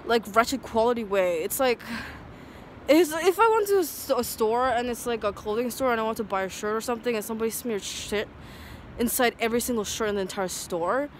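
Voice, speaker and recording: A woman's voice: on the high side, fairly quick, slight background noise. A woman in a casual, rambling monologue, heated and profane.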